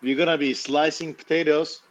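A knife maker co-hosting a casual livestream, joking crudely and animatedly. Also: male voice, fairly high pitch, steady tone, moderate pace, a loud crowd. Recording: dull lo-fi sound.

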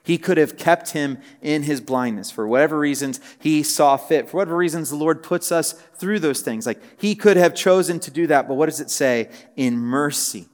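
A man's voice: fairly high pitch, normal speed, hardly any pauses. A man preaching a casual teaching sermon, talking conversationally with many fillers and building to emphatic, repeated phrases. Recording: long hall reverb.

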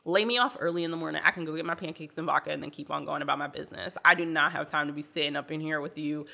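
Low gravelly woman, blunt podcast co-host. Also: racing. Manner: blunt, animated storyteller who acts out dialogue. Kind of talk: casual chat.

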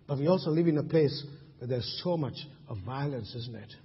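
Preaching in a big church hall, this pastor from Sri Lanka sounds animated and husky, his medium-pitched voice moving a little fast. He is emphatic and leans on rhetorical questions, and the audio has a dull, lo-fi quality with a long reverb tail from the hall.

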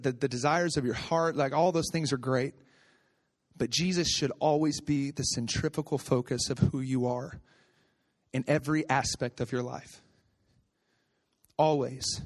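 A middle-aged man preaching a sermon as a pastor, telling stories in a conversational way and building to animated, excited peaks. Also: on the high side. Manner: conversational storytelling with repetitions.

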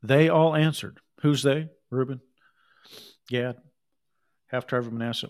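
Digressive man preaching a Bible study. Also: fairly high pitch. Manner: conversational, digressive, with quick acted asides. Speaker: pastor. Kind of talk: sermon with Bible reading.

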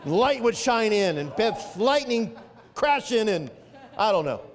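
A man's voice: high voice, big pitch swings, takes it slowly, big-room sound. A man preaching an Easter sermon as pastor, stretching key phrases and building to emphatic peaks. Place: church sanctuary.

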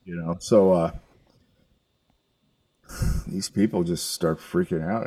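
An older man telling a story in casual chat, halting and rambling, with some swearing. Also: low voice, dark tone, husky, no room sound.

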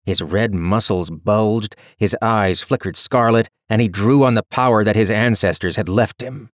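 A man reads a fantasy story aloud in a steady, measured way. His voice sits on the low side. The recording is close and dry. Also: no room sound. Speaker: narrator. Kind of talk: scripted narration.

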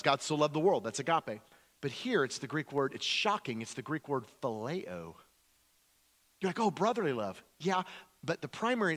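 A male pastor preaching a sermon in an animated, repetitive way, acting out quotes as he goes. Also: fairly high pitch.

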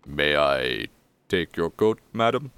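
A man's voice: extremely low pitch, very animated, slow, a bit bright, clean tone, no echo, pitched below the performer's own voice, exaggerated voice. A man voicing a weary, formal male butler who speaks stiffly and deferentially.

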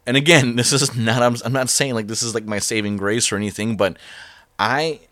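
A man telling a personal story in a casual, halting way, full of fillers and restarts. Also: medium pitch, steady tone, a bit bright, dry recording, studio quality.

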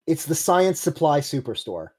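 A man narrates a tabletop game as its game master, playful and quick to joke. His husky voice sits a bit high and swings widely in pitch. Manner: playful, animated.

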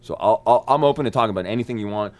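A man, an actor, telling stories as an interview guest, energetic and profane, acting out quoted lines with big jumps in his voice. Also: fairly low pitch, very fast, no echo. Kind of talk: animated storytelling.

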